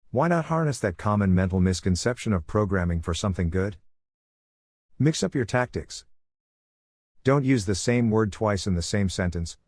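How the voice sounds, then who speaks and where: Male audiobook narrator, lower register, forceful and commanding read, dead-dry booth sound. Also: no room sound. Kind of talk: audiobook reading of his own self-help text.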